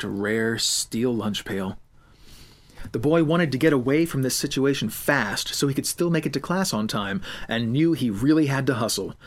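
A man narrates an audiobook from a script, his mid-range voice keeping a steady, measured storytelling tone.

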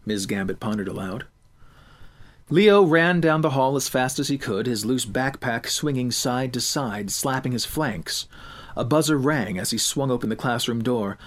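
This is scripted audiobook narration by a man whose mid-range voice carries the story in an even, measured way.

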